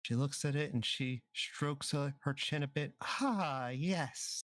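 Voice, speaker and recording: A man's voice: medium pitch, level tone, normal speed, fairly bright tone, no echo. A man running a tabletop game as dungeon master, narrating scenes in the second person over an online voice chat mic.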